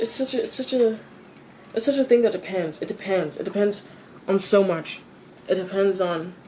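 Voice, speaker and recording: A teenage girl talking to the camera in a confessional rant, her usual voice sitting fairly low for a woman. She stumbles over and repeats half-finished phrases, swears casually, and leaps upward in pitch when frustrated. A faint hum runs underneath. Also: a little mellow. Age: teens. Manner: halting, repeats herself, restarts sentences; swears freely, voice jumps high when exasperated.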